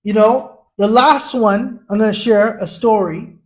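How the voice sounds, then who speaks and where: A man's voice: sits high, steady tone, a little slow. A man hosting a podcast, giving a personal commentary monologue. He tells his story earnestly and indignantly, often restarting and repeating words. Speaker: podcast host.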